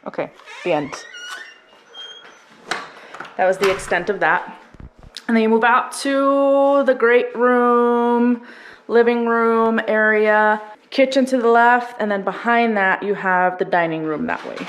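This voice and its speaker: A woman's voice: fairly high pitch, slow, pauses often, a little hiss or hum. A woman family vlogger giving a chatty, casual tour of her house and explaining each room. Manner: chatty, explaining as she walks.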